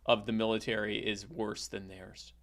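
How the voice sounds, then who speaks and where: A man hosting a comedy podcast, telling an improvised tall tale in a rambling, deadpan way with many restarts. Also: on the low side, normal speed. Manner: rambling, deadpan, self-correcting. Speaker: podcast host.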